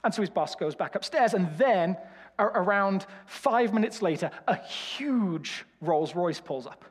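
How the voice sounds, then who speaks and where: A man's voice: sits high, expressive, unhurried, slightly rough. A man from Birmingham with a Birmingham accent, preaching a sermon with humorous, self-deprecating storytelling. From Birmingham, England. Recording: reverberant hall.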